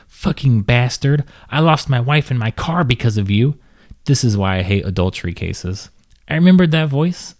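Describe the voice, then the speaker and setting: A man's voice: mid-range voice, vocal fry, dark tone. A man reading a first-person detective audiobook in a dry, matter-of-fact way. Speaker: audiobook reader.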